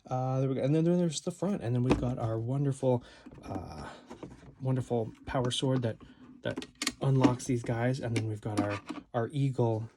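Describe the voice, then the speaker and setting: A man's voice: medium pitch, moderate pace, background noise. A man giving a casual unboxing commentary at home, rambling and playful with many fillers and restarts, recorded on a phone. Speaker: toy reviewer. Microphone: phone camera.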